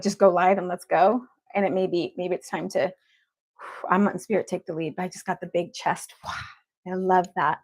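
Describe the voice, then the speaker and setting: A woman, an evidential medium, chatting casually and effusively with viewers as she hosts a livestream. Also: medium pitch. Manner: effusive and upbeat, repeats affection to the audience.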